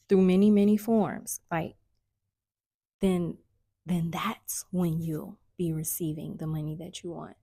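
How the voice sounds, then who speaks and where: A woman speaks to camera in a casual spiritual-coaching vlog, her voice low and mellow. She talks earnestly and keeps restarting her sentences, now and then dropping into a whisper. The sound is close and dry. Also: no room sound. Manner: earnest, searching, restarts often, drops into whispers.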